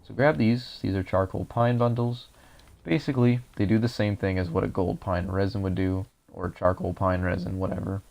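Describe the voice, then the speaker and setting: A young man with a low, gravelly voice talks through a game walkthrough in a relaxed, explanatory way. His voice sounds a little dry. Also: moderate pace. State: voice drying out. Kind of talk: casual gameplay commentary.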